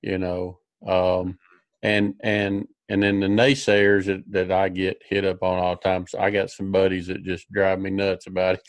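A man's voice: low-pitched, completely flat delivery, normal speed, no room sound. A man hosting a podcast, telling a rambling, folksy story with many fillers and restarts. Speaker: podcast host. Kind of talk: casual storytelling chat.

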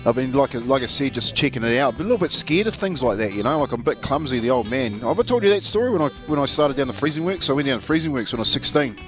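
Over music, a radio co-host with a New Zealand accent chats casually, telling anecdotes and chuckling often. His mid-range voice is expressive and very fast, with hardly any pauses.

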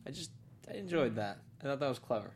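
A man's voice: medium pitch, expressive, quick pace, a little hiss or hum. A man co-hosting a casual movie review chat, talking hesitantly with many fillers. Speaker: podcast co-host.

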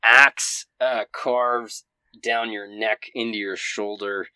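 A man narrating as game master, giving quick, vivid play-by-play of a fight. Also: lowish voice, steady tone, bright, forceful tone, clean tone, no room sound.

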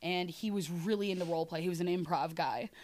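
A woman in casual podcast chat, telling animated stories, laughing often and swearing casually. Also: fairly low pitch, fast talker. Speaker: podcast co-host.

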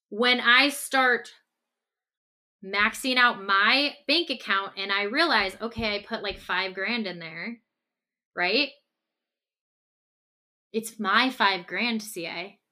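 A woman co-hosting a relationship podcast with a bright, forward tone. She builds a hypothetical scenario step by step in a casual, conversational way. She keeps checking in with quick "okay?" and "right?" asides. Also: on the high side. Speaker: podcast co-host.

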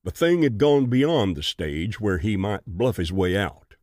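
A man reads a western audiobook in a slow, measured way. His voice sits a little low and is recorded dry and close, with no room sound. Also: very animated, darkish tone, dry recording. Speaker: narrator.

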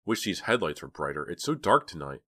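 A man voicing a nervous, excitable teenage girl who speaks in an anxious, wailing way. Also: deep voice, brisk, full character voice. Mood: worried.

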